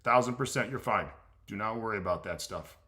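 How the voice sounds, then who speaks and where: Talking a little fast in a fairly low, bright and forceful voice, this middle-aged US strength coach fields viewer questions during a casual livestream. He's blunt and says things more than once, with lots of "uh" sounds.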